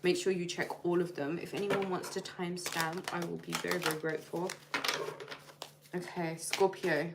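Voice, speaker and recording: A woman's voice: on the low side, little pitch movement, normal speed, gravelly, heavy background noise. A woman live-streaming a tarot reading, chatty and playful, addressing each star sign directly. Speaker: tarot reader.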